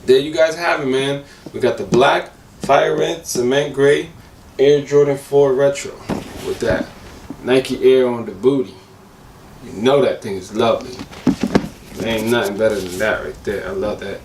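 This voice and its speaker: A man with a hoarse, cracking voice, rambling eagerly and slangily through a casual sneaker review. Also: mid-range voice, normal speed, echoey room, recorded from a distance, noisy background.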